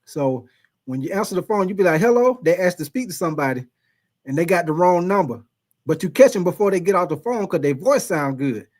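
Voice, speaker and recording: Animated man telling a story. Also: a little high, brisk. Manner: animated, repeats phrases, laughs often. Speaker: live stream host. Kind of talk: casual storytelling to chat.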